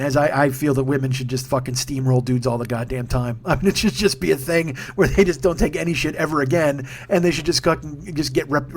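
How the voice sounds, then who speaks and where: A man delivering a casual, profane, ranting monologue full of restarts, recorded at home. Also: fairly high pitch. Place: home room with armchair.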